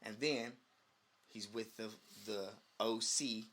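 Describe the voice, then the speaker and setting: Animated man telling wrestling stories. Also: fairly low pitch, slow. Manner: animated storytelling, acts out quotes. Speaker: podcast co-host. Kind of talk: casual chat.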